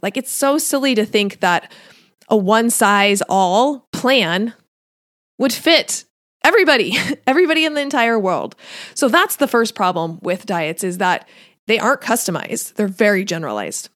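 Chatty woman coach, fairly high voice. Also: no echo, clean studio sound. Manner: conversational, often acts out listeners' thoughts in quotes; laughs lightly while talking. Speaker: diet and nutrition coach. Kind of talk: casual solo podcast talk.

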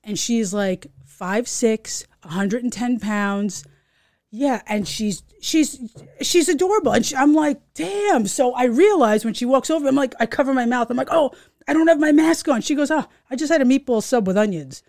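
A middle-aged New woman spins a story on a podcast, animated and salty, acting out every voice along the way. Her voice sits a little high. The recording is dry and close. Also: moderate pace, no room sound. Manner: animated, swearing, acts out voices. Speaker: podcast co-host. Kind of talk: casual storytelling chat.

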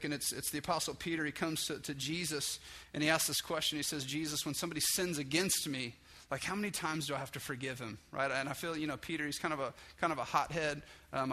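A man preaching a casual sermon, talking conversationally and acting out the story's dialogue. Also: medium pitch. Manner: casual and conversational, with many restarts and "like"; acts out dialogue with raised, excited voice. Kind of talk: informal sermon.

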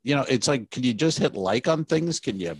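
A man's voice: medium pitch, animated, fairly quick, husky, no room sound. A man co-hosting a casual comedy podcast, telling rambling, profane stories. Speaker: podcast co-host.

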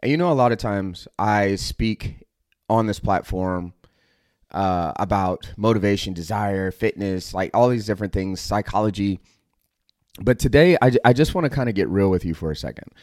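A man's voice: lowish voice, moderate pace, a little mellow, no echo, clean studio sound. A middle-aged American man hosting a podcast, delivering a blunt, aggressive motivational monologue full of profanity. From United States. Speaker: podcast host.

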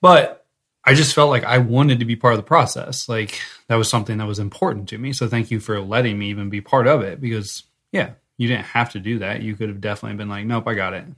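A man speaking as a guest on his partner's podcast, soft-spoken and supportive, with a joking streak. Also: fairly low pitch, fairly even intonation, fast. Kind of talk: casual chat.

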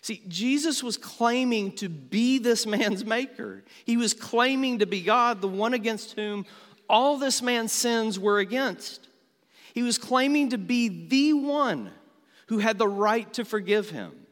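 A man's voice: very high-pitched, lively intonation, a little slow, a bit bright. A man preaching a sermon as a pastor, earnest, building emphasis and asking rhetorical questions. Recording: long reverb of a large hall.

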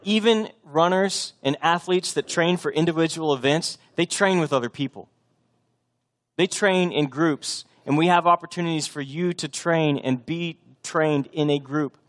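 A man's voice: a little high, normal speed. A man from Texas preaching a sermon in an earnest, conversational way, with restarts and direct challenges to the congregation. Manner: earnest, conversational preaching with bursts of coach-like shouting. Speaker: pastor.

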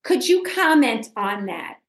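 A woman's voice: fairly high pitch, big pitch swings, unhurried, echoey room. A woman host with a New York accent, chatting in an interview and hesitating with ums while she searches her notes. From Brooklyn. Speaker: podcast host. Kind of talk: casual interview chat.

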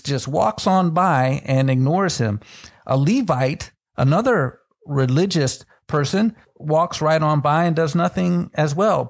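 A man's voice: on the high side, vocal fry, dry recording, clean studio sound. A man giving a reflective devotional Bible teaching and asking searching questions of his listeners. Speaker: podcast co-host teaching on scripture.

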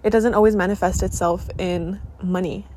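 A young woman in her late teens hosting a casual podcast, chatty and excitable, full of fillers and casual swearing. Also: mid-range voice, normal speed, a little hiss or hum. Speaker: podcast host. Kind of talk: casual chat.

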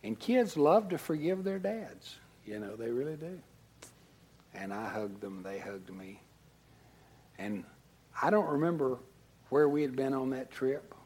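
Slow-talking preacher man, kinda husky, goes hushed then loud telling a story. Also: medium pitch, expressive. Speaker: pastor. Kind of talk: sermon.

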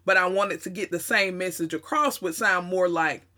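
A woman from the Southern United States, with a Southern US accent, tells a personal story conversationally, adding emphatic asides. Her voice is fairly low and sharp in tone, at normal speed.

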